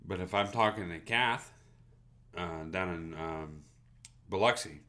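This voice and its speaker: A man's voice: low-pitched, a little slow, sharp tone. A middle-aged man from the American South with a Pittsburgh accent, co-hosting a casual podcast and telling rambling stories that trail off mid-sentence. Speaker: podcast co-host. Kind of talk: casual chat.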